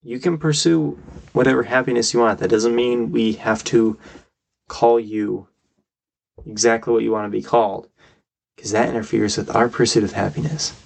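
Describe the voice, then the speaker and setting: A man's voice: mid-range voice, fairly even intonation, normal speed, creaky. A young man hosting his own podcast, giving emphatic, argumentative solo commentary and getting worked up. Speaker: podcast host.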